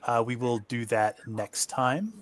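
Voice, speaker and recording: A man's voice: mid-range voice, a little slow. Laid-back man running a tabletop game. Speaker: game master. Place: home setup, online stream.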